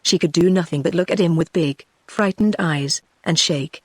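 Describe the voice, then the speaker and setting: A synthetic text-to-speech woman's voice with a British accent, reading a novel as scripted narration in a steady tone. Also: fairly low pitch, normal speed, few pauses, no room sound. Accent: British English. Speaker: audiobook narrator.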